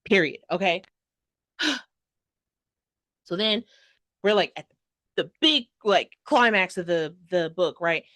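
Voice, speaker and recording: A woman's voice: fairly low pitch, takes it slowly, long pauses, fairly bright tone, no room sound. A young woman giving a casual, dramatic book review, full of fillers and rambling asides. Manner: gushing, dramatic, heavy filler "like".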